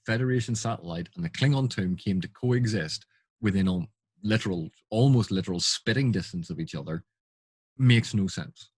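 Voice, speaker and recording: A man's voice: fairly low pitch, husky, no room sound. A man giving unscripted reaction commentary, exasperated and full of rhetorical questions. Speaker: film and TV critic.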